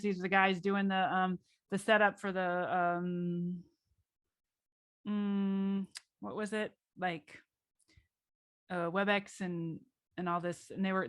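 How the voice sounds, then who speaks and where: A woman hosting a podcast in casual chat, telling work stories in an animated way and acting out her own reactions. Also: medium pitch, no room sound, studio quality. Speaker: podcast host.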